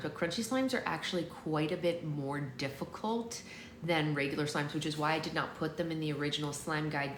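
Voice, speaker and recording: A young woman hosting a casual livestream, chatting with viewers and reading their comments out loud in a playful, rambling way. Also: deep voice, echoey room, slight background noise. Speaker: livestream host.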